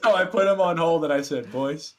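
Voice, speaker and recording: A young man with a slightly higher voice tells a long road-trip story in relaxed podcast talk. He swears constantly and is excitable, and he speeds up when the story gets going. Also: fast. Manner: profane, animated storyteller. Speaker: podcast guest. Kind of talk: casual storytelling.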